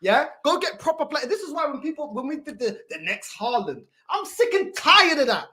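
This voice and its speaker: A high-pitched woman rants through a casual football talk show. Her voice swings widely up and down as she fires off profane, slang-heavy complaints. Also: fairly quick. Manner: animated, profane ranting with street slang. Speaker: fan show host.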